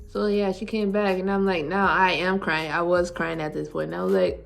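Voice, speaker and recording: A woman's voice: mid-range voice, moderate pace, creaky, soft background music. A woman in her twenties, a vlogger telling a personal story at home in a casual, rambling, heartfelt way, filling her talk with "like". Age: 20s. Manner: rambling, heavy use of "like", heartfelt. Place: at home indoors.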